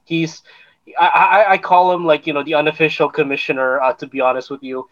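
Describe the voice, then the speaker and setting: Man, sports podcast co-host, halting, stumbling, slightly high voice, dull lo-fi sound. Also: fairly even intonation, fairly bright tone. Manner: halting, many fillers and restarts. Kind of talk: casual sports chat.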